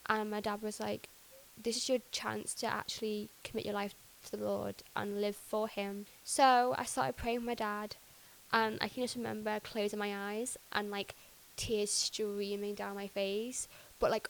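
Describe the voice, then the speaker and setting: This is a personal faith testimony from a young woman guesting on a podcast, told chattily with lots of "like" and performed snippets of what she used to say. Her mid-range voice is creaky and flat, and she takes her time. The audio is poor.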